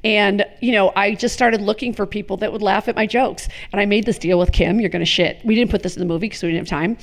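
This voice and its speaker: Gravelly-voiced woman comedian telling stories. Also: medium pitch. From Chicago, USA. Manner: animated, profane storytelling with quick asides. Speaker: comedian guest. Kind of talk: casual storytelling interview.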